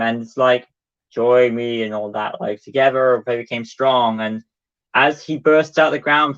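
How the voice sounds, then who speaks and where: A man's voice: medium pitch, a bit bright. A young man chatting casually as a co-host ranking books, rambling and hesitant with many fillers. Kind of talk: casual livestream chat. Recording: dull lo-fi audio.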